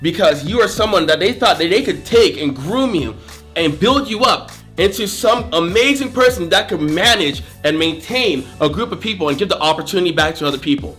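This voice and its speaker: Bright energetic man coaching on sales. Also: high voice. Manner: energetic, joking, acts out voices. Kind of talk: motivational video lesson.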